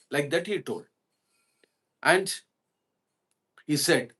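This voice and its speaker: A man's voice: a little high, unhurried, long pauses, fairly bright tone. A man, a spiritual teacher telling a parable in a sermon and putting questions to his listeners. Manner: asks the audience questions while telling a parable. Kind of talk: storytelling sermon.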